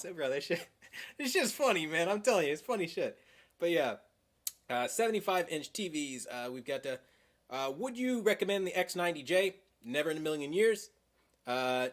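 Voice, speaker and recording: Young man, livestream host, slightly higher voice, fired up and profane, rambling with lots of fillers. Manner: heated, profane, rambling with many "like"s. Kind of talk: casual livestream chat.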